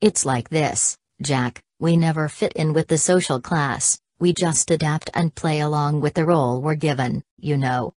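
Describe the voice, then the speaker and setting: A woman voicing a cold, boastful young male villain in an audiobook, reading in a flat, literal way. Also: low-pitched, unhurried, hardly any pauses, no room sound. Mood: cold, taunting. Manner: reads punctuation marks aloud.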